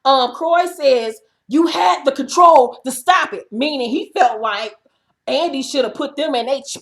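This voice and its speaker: A woman vlogger recapping reality TV in a brash, profane, trash-talking rant. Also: sits high.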